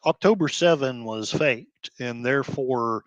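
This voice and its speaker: A man on a dull, dry recording, delivering an emotional commentary rant. He swings between quiet, sighing stretches and quick, heated bursts. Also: medium pitch, dry recording. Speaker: blogger host.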